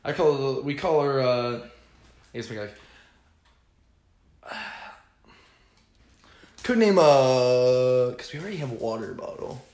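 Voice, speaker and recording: A man's voice: mid-range voice, expressive, a little slow, pauses often, darkish tone, reverberant. A young man co-hosting a podcast, chatting casually in a rambling, laid-back way, with lots of "like" and "bro". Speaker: podcast co-host. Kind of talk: casual chat.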